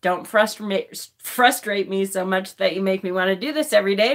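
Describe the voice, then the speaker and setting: A woman's voice: medium pitch, normal speed. A woman in her forties chatting on a live stream, emotional and tearful, laughing and swearing often. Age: 40s. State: crying. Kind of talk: casual live-stream chat. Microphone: phone.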